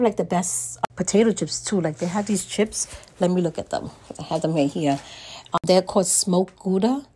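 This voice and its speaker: Animated woman telling a podcast story. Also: medium pitch, breathy edge. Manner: animated, indignant, laughs often. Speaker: podcast host. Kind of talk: casual storytelling monologue.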